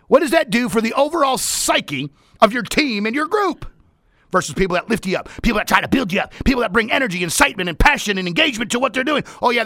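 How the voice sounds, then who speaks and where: A man hosting a radio talk show, talking about work with fired-up energy, playful asides and bursts of shouting into the studio microphone. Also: very high voice, creaky, no room sound.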